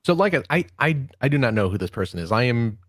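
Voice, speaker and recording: Wry guy poking fun at himself on a podcast, mid pitch, dry mic. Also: very animated, quick pace, a bit bright, no echo. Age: older. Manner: wry, self-deprecating. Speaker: podcast co-host. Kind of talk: casual chat.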